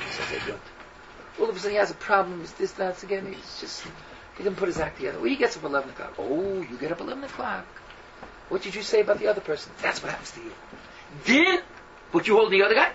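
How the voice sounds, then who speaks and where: A man's voice: sits high, muffled recording, noisy background. A man, a rabbi, giving a Talmud lecture full of Yiddish and Hebrew terms, acting out the characters' questions as he tells the story. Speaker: rabbi teaching a class.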